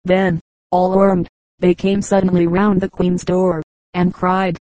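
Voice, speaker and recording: A woman narrating an audiobook of an old legend, measured and even. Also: fairly low pitch, no room sound, poor audio. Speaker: audiobook reader. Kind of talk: scripted narration.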